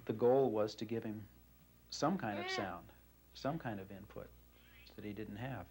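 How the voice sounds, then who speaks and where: Plain-spoken father in an interview, lowish voice, faint hiss. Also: a little slow. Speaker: parent of an implanted child.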